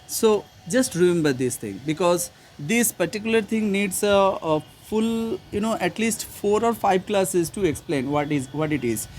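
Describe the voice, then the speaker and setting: Hesitant high-voiced Indian English teacher. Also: male voice, animated, a little slow, a little mellow, slight background noise. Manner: hesitant, repeats himself with many fillers. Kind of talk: casual online literature lesson.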